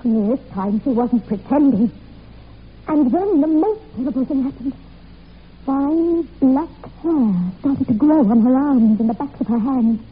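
A young woman acting in a 1940s radio drama, telling a dark family legend in an intense, breathless way. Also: high-pitched, lively intonation, a little slow, breathy edge, heavily acted. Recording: tinny old radio recording with faint hiss.

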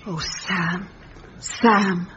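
A melodramatic woman reunited with her lost love in a radio comedy, undercutting the romance with deadpan asides. The sound is dull and muffled, with steady loud hiss behind her. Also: medium pitch, drawn-out words. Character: dramatic woman returning to a lost lover.

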